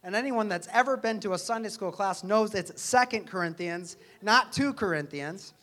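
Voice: medium pitch, normal speed, a bit bright. A pastor preaching a sermon in a church, earnest and conversational, often asking rhetorical questions.

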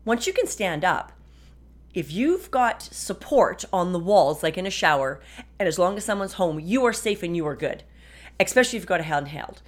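A woman's voice: lowish voice, very animated, normal speed. A woman in her fifties hosting a podcast from her desk at home, talking frankly and chattily with some wry sarcasm. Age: 50s. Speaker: podcast host. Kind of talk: casual personal monologue.

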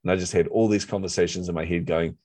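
A middle-aged man with a New Zealand accent, telling a personal story in a lively, self-deprecating way during a conversation. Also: deep voice, fast talker, no echo. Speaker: author and marketer, guest.

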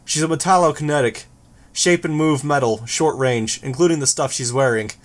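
A steady young armored leader who lays out facts briskly and plainly, as a man reads him. Storybook hero in charge of a team. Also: a little high, lightly acted. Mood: firm. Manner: brisk, matter-of-fact.

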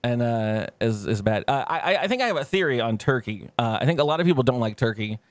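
A man's voice: medium pitch, animated, fast, dry recording. A man co-hosting a podcast, telling rambling, profane stories in casual chat. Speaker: podcast co-host.

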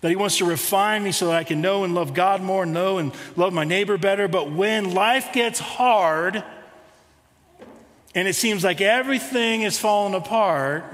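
High-voiced male pastor preaching. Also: moderate pace, a bit bright, big-room sound. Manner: conversational preaching with rhetorical questions. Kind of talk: sermon.

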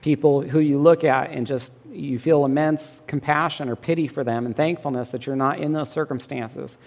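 A man delivering a sermon with earnest, emphatic conviction, his voice pitched somewhat high for a man. He poses rhetorical questions to the congregation and presses each point home. The sound carries a long reverb, as in a large hall. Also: steady tone, normal speed, vocal fry, darkish tone. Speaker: pastor.

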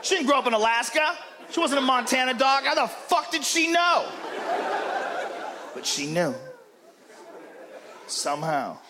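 A man doing a stand-up comedy routine in a club, profane and shouting his punchlines while acting out characters. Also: very high voice, very animated, measured pace, pauses often. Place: comedy club stage with laughing audience. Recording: live club recording with crowd laughter and noise.

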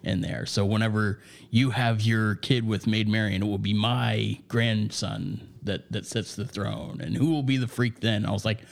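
A man's voice: fairly low pitch, fairly even intonation, moderate pace, vocal fry. A man on a movie podcast casually retelling scenes from an extended cut. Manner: laughs easily, retells scenes. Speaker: podcast co-host. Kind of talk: casual movie review chat.

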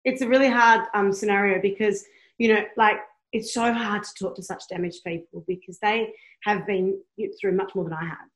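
A woman's voice: medium pitch, steady tone, moderate pace, reverberant, low-quality recording. A woman in her thirties, a blogger guest talking candidly in a podcast conversation, passionate and blunt, swearing freely. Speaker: guest, blogger who tours.

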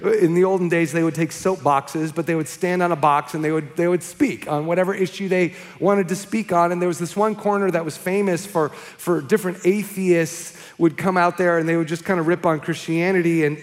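A man preaching a sermon as pastor, casual and storytelling, often checking in with the crowd. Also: high-pitched. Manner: conversational, storytelling with frequent "okay?" checks. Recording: long reverb of a large hall.

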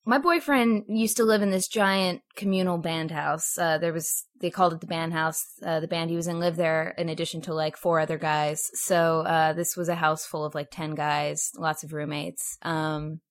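Woman, lowish voice, casual storyteller guest, filler-heavy, acts out quotes. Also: steady tone, normal speed, hardly any pauses. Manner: chatty, full of fillers, acts out quotes with raised pitch.

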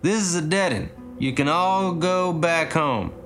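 Man doing a gruff, blunt small-town cop, low creaky voice, storybook reading. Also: normal speed, soft background music. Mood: announcing.

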